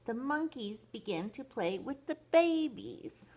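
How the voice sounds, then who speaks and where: Grandma storyteller, older woman, unhurried and lilting, bedtime read-aloud. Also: fairly high pitch. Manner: gentle, slow, expressive.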